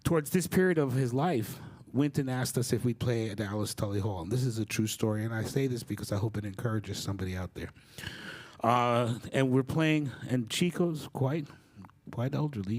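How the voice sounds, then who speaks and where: A man's voice: medium pitch, brisk, darkish tone. A middle-aged man giving a candid, reflective storytelling talk as a faculty speaker. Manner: candid and reflective, with occasional fillers.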